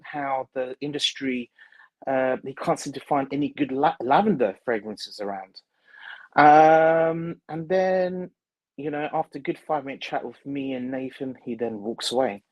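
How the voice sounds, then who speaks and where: A man, a perfumer, telling a story in an interview, halting with many fillers and restarts. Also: medium pitch, a little mellow, dry recording, low-quality recording.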